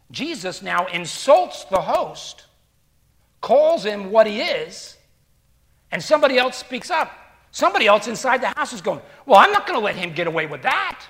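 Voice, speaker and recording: A man's voice: high voice, a bit bright. A man preaching a sermon, reading scripture and commenting with emphatic rhetorical questions and repetition.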